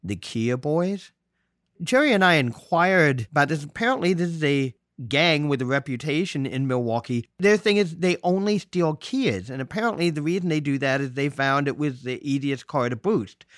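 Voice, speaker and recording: A man from New City, hosting a podcast and telling stories in a joking, salty, animated way. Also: a little high, normal speed, hardly any pauses, no echo, clean studio sound. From New York City. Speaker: podcast host. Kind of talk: casual storytelling monologue.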